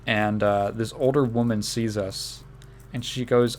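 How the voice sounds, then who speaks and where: A man's voice: lowish voice, fairly even intonation, a little slow. A young man hosting a podcast, telling a story casually with restarts and fillers. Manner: rambling with many restarts and laughs. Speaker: podcast host.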